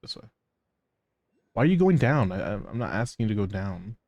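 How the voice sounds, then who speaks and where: A man's voice: on the low side, very animated, a little fast, creaky, a little mellow, no echo, lo-fi sound. A man streaming a game live, chatting casually to viewers with plenty of swearing, teasing and laughter. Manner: profane, teasing, laughs often. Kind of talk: casual live gameplay commentary.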